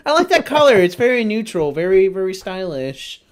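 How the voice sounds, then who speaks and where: Crude joking man, slightly high voice. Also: very animated, a little fast, noisy background. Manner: crude, joking, heavy swearing. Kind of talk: casual chat.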